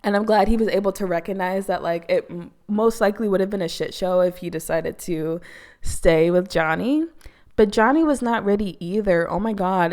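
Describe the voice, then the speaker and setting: A woman's voice: mid-range voice, darkish tone. A woman hosting a casual TV recap, talking in a chatty, gossipy way full of fillers. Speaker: YouTube commentary host.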